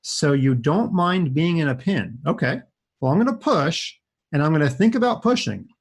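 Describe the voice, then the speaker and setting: A man in his forties with a slightly husky voice talks through his chess moves live for an audience of kids. His delivery is lively and swoops up and down as he cracks jokes and chats. His pitch sits a little high for a man. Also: moderate pace. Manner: playful, chatty, jokey asides to kids. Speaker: chess streamer playing kids online.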